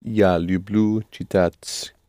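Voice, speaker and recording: A man studying Russian, giving halting answers in a lesson. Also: low voice, fairly even intonation, dark tone, dry recording, studio quality. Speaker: language student. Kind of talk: language lesson.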